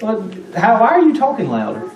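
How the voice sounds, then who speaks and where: A man's voice: high-pitched, wildly swooping pitch, fairly quick, lo-fi sound, over a noisy crowd. A man leading a children's church lesson, patient and coaxing, full of questions to the kids. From Georgia, US. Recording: echoey room from far off, kids chattering.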